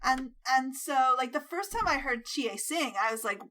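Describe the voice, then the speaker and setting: A woman co-hosting a casual fan podcast, talking in a thoughtful way and trailing off softly. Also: high-pitched, lively intonation, normal speed. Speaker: podcast co-host.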